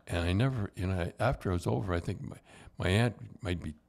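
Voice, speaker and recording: A man's voice: deep voice, fast talker, creaky, darkish tone. An older man, telling hockey stories as a podcast host in a loose, rambling way with many restarts and chuckles. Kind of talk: casual storytelling chat.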